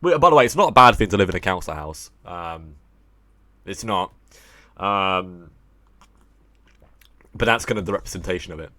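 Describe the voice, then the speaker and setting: A man's voice: sits low, animated, normal speed, pauses often, pushed and bright, no room sound. A young man with an English accent chatting casually with viewers on his livestream, rambling, joking and swearing often. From England. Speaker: livestream host.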